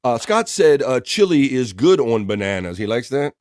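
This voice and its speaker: Hosting a live stream, a man chats casually and reads out viewer comments, greeting people by name in an upbeat way. His mid-range voice is sing-song and a little mellow at a moderate pace, captured in a dry, studio-quality recording.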